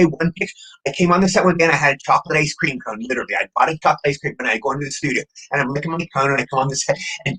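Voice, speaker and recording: A man in his sixties, an actor guest telling rapid, excitable anecdotes in a casual interview, often repeating words as he goes. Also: a little high, breathy edge, rough recording. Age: 60s.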